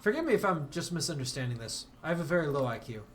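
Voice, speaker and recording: A man's voice: fairly high pitch, very animated, fast talker, a bit bright, slight background noise. A man streaming a game, chatting casually and rambling, self-deprecating, with bursts of mock outrage. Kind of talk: casual game livestream commentary.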